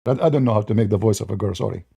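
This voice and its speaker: Man, gravelly, sarcastic debate-show host with a mellow, dark tone. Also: very fast, no echo. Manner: mocking, sarcastic, imitates opponents in high voices. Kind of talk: polemical monologue.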